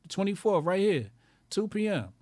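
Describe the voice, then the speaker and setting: A man's voice: high voice, sing-song, moderate pace, no room sound. Profane, ranting man with a dry close sound. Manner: loud, profane, mocking, repeats lines for emphasis. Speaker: host of a call-in show.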